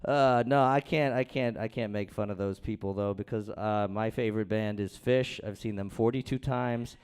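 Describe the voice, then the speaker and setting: A man's voice: on the low side, moderate pace, a little mellow, smooth. A man doing a crude, rambling, self-deprecating stand-up set at an open mic in a small comedy room, speaking into a handheld stage mic.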